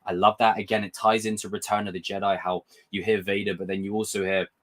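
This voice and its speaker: A young man hosting a casual livestream review, talking in an excitable, rambling way and swearing freely. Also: on the low side, fast talker. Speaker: host.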